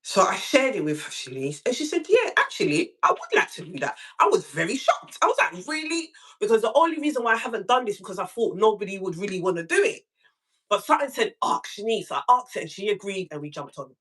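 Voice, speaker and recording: A woman hosting a casual live call-in stream from home, telling a story in an animated way and acting out what people said. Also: fast, slightly rough. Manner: animated storytelling, acts out quotes with big pitch jumps.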